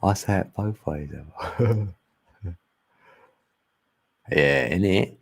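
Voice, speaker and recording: A man's voice: low voice, very slow, vocal fry, husky. A man, chatting casually as a channel host, laid-back and laughing often. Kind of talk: casual chat.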